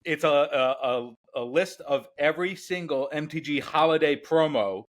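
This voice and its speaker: Laid back guy keeping the podcast chat moving, voice a little on the high side. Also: moderate pace. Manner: relaxed, steers the conversation. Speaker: podcast co-host. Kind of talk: casual chat.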